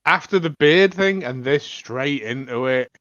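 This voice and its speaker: A man co-hosting a podcast, speaking slowly and thoughtfully with a bright, sharp tone. The audio sounds a little dull and lo-fi but dry. He drops in dry quips between reflections. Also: medium pitch, animated, dry recording. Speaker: podcast co-host. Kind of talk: casual chat.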